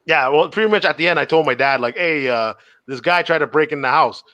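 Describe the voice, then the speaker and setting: Young man, podcast co-host, bright and lively voice, fairly high pitch, animated storytelling. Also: brisk, dull audio. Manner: animated, laughing, quotes himself in a higher voice. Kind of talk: casual comedic storytelling.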